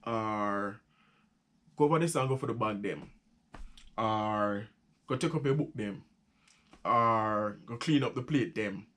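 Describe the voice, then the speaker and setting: A man's voice: fairly low pitch, slow pace, long pauses, fairly bright tone. A young Jamaican man with a Jamaican accent, chatting casually as he explains local sayings, laughing often and repeating phrases. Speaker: vlogger teaching patois.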